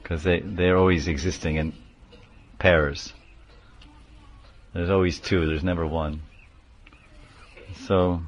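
A man's voice: low-pitched, slow, pauses often, a bit bright, no echo. A man teaching a scripture class, explaining terms, chanting verses and calling out names. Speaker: spiritual teacher.

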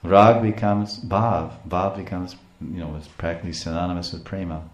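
A man's voice: sits low, steady tone, normal speed, reverberant. A man giving a scripture lecture as a spiritual teacher, telling stories with frequent restarts. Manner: storytelling, acts out quotes, frequent restarts.

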